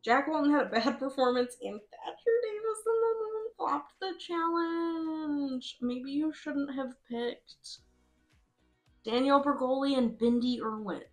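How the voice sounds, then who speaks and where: A woman's voice: high-pitched, unhurried, soft background music. A woman giving casual, chatty commentary over a game, laughing often and swearing freely. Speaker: host.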